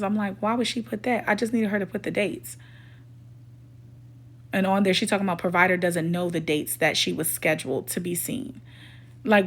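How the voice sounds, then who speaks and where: A woman telling a personal storytime in a casual, emphatic and indignant way, voicing the people in her story as she goes. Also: medium pitch. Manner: emphatic, indignant retelling that acts out quoted dialogue. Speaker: storytime vlogger.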